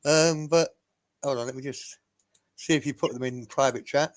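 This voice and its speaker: A man's voice: medium pitch, steady tone, normal speed. A man co-hosting a live trivia stream and keeping score, speaking hesitantly and stammering through his restarts. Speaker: co-host and scorekeeper. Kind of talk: casual live-stream chat.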